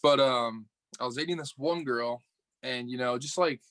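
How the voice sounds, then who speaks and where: A young man from upstate New York, appearing as a podcast guest, tells a dating story in casual conversation, animated and swearing as he acts out the dialogue. His voice is medium-pitched at a normal speed, on a dry recording.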